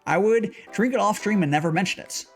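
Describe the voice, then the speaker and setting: A man's voice: sits high, fairly quick, faint music behind. A young man chatting casually on a livestream while making tea, rambling with lots of restarts and repeated words. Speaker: streamer.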